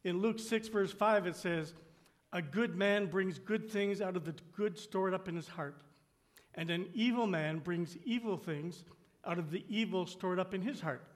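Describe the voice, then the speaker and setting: A man preaching a sermon as pastor, slowing down and dropping to a hush on key phrases, and raising his voice to act out complaints. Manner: acts out complaining voices with rising pitch.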